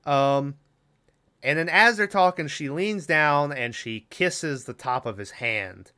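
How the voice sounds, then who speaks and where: A man's voice: fairly high pitch, expressive, measured pace, pushed and bright, clear, resonant tone. A man co-hosting a podcast, rambling through a casual movie recap with lots of fillers and swearing. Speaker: podcast co-host.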